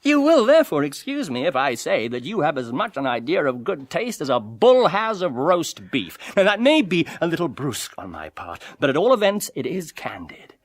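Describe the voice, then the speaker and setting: A man's voice: a little high, wildly swooping pitch, moderate pace, hardly any pauses. An actor playing a pompous, domineering male household tyrant in a radio drama, sanctimonious and theatrical. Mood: sneering. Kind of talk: 1980s radio drama acting.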